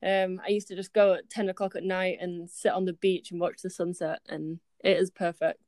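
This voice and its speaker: A woman's voice: lowish voice, flat delivery, moderate pace, darkish tone, dry recording, studio quality. A woman in her twenties from Yorkshire, a student chatting as an interview guest, with frequent ums and easy laughter. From Yorkshire, England. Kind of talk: casual interview chat.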